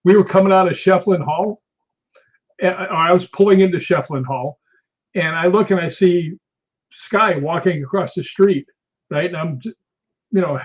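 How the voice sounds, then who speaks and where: A middle-aged man with a somewhat high, husky voice hosts a relaxed conversation over a video call. He tells stories with a chatty, laughing manner, and the streamed audio sounds a bit muffled. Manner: chatty storyteller, laughs often. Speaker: guest host. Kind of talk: casual chat.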